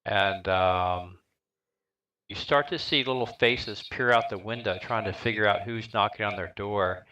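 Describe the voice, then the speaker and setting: A middle-aged man narrating a live-streamed tabletop game as dungeon master, describing scenes in a halting way with lots of fillers. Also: fairly low pitch, pushed and bright, highs cut off.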